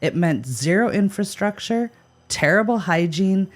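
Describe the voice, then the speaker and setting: A woman's voice: mid-range voice, animated, unhurried. A woman co-hosting a podcast, telling a history story with playful, jokey asides. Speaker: podcast co-host. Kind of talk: scripted podcast banter.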